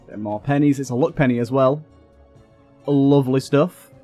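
Young male gamer, excitable commentary, mid-pitched, faint game music underneath. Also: fast talker, slightly rough. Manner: excitable, frustrated outbursts and swearing. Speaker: gaming YouTuber. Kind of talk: let's play commentary.

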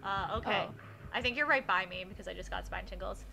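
A woman streaming a game, chatting casually and often yelling at the action. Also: medium pitch, fast, creaky, loud music behind the voice. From United States. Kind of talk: casual gaming stream chat.

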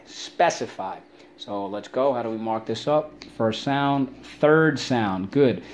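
A man teaching an online spelling lesson for kids, drilling words with call-and-repeat chants and leaping into playful high asides. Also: animated, takes it slowly, slight background noise.

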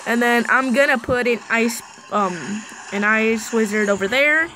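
Woman doing play-by-play on her game, slow and chatty, kinda high voice, faint music behind. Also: a little hiss or hum, poor audio. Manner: chatty play-by-play, excited bursts. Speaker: gaming channel host. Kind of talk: live mobile gameplay commentary.

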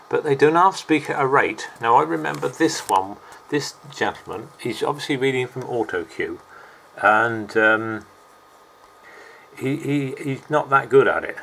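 A man talks in a loose, rambling way, stopping often for asides and fillers. His voice has a gravelly, creaky edge. A faint hiss sits behind him. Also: mid-range voice, lively intonation, a little slow, fairly bright tone, low-quality recording. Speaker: video maker. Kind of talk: casual commentary over clips.

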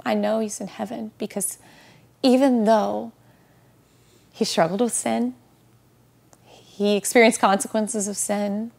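Earnest woman, gravelly and husky. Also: medium pitch, fairly even intonation. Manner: heartfelt, slows and softens on key words. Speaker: guest, widow sharing her story. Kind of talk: emotional faith interview.

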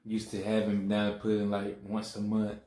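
A man's voice: on the low side, completely flat delivery, brisk, warm tone. A man joining a casual eating show, laid-back and humming while he eats. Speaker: co-host. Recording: echoey room.

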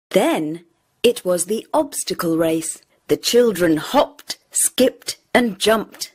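A woman narrating a children's story in a slow, clear and expressive way. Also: mid-range voice.

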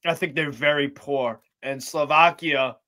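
A man's voice: a little high, steady tone, measured pace, sharp tone. A man co-hosting a casual football podcast, teasing and easygoing as he gives his predictions. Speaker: podcast co-host.

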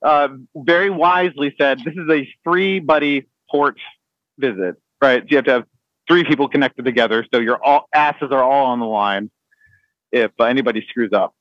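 A man's voice: medium pitch, normal speed, dry recording, muffled recording. A man telling a navy story on a podcast in a rambling, laughing way, full of fillers and restarts. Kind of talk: casual storytelling among friends.

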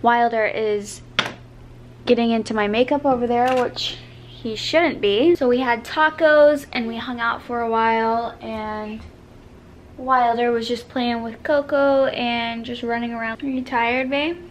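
A young woman chats to her handheld camera at home, her voice a little higher than most. She rambles easily through a family vlog with plenty of likes and fillers, and a faint hum of the room sits underneath her. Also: fairly even intonation, measured pace, poor audio. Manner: chatty, filler-heavy, drops to a hushed murmur at times. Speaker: vlogger. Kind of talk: casual family vlog chat. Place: home, indoors.

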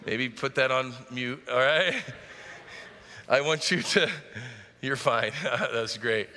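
A man's voice: medium pitch, takes it slowly, bright, forceful tone, in a large hall. A middle-aged man preaching a sermon as pastor, driving points home with rising emphasis and joking asides. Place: church sanctuary.

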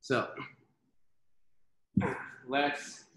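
A man leading an online workout class over a video call, giving brisk, encouraging cues and counting down reps. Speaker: fitness instructor. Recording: very echoey room, faint noise.

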